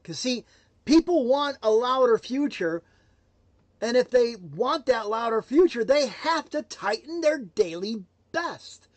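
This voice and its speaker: A man giving a motivational livestream talk, emphatic and swinging between loud declarations and hushed asides. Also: extremely high pitch, lively intonation, a little slow, dry recording. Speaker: motivational speaker.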